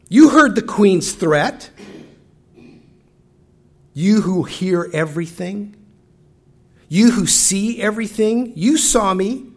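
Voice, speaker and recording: A man's voice: high-pitched, fairly bright tone, voice pushed up, full character voice. A man voicing an anguished, abandoned prophet. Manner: pleading, anguished outbursts. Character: desperate, exhausted, abandoned old male prophet.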